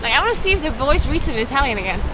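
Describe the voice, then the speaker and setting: Chatty woman streaming outdoors, loud noise. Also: sits high, sing-song, rapid-fire. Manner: chatty, swears freely, laughs often. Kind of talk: casual live-stream chat while cycling. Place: outdoors on a road, cycling.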